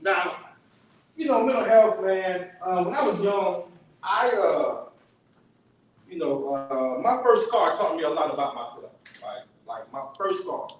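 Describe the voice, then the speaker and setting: A man's voice: high-pitched, animated, a little slow. A man giving a conversational, story-driven sermon, checking in with the audience with frequent asides. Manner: conversational, asks the audience "right?" often. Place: church sanctuary. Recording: echoey church from far off.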